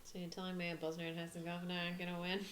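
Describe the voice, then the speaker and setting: Chatty lower-voiced woman, echoey room. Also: completely flat delivery, slight background noise. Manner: chatty, quick, playfully booing. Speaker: podcast co-host. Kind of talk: casual watch-along commentary.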